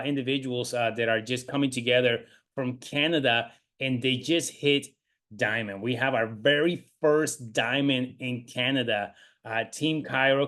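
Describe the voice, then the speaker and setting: A man hosting a team video call, upbeat and hype-building, with plenty of fillers. His voice sits at an ordinary middle pitch. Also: fairly bright tone. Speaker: host. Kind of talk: hyped-up team call, announcing winners.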